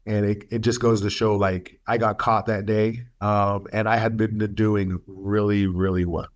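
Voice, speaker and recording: A man sharing his life story as a webinar speaker, earnest and emotional, with halting pauses and fillers. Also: lowish voice, level tone. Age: adult, studying for a master's. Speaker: webinar speaker, youth mentor.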